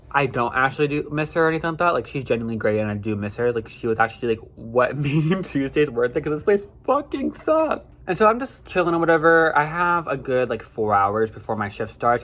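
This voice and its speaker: A man's voice: mid-range voice, a bit bright. A young man telling a personal story in a casual vlog, rambling with many fillers, swearing and getting worked up. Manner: rambling, filler-heavy, emotional and profane.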